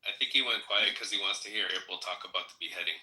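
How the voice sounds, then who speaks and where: A man's voice: lowish voice, fast talker, bright, forceful tone, low-quality recording. A man on a podcast, correcting details in a matter-of-fact way. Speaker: podcast co-host. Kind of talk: casual group chat.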